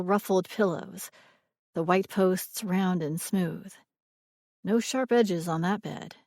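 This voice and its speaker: A woman reading a romance audiobook in a measured, expressive way. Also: fairly low pitch, no echo, studio quality. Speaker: audiobook narrator. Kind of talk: scripted romance narration.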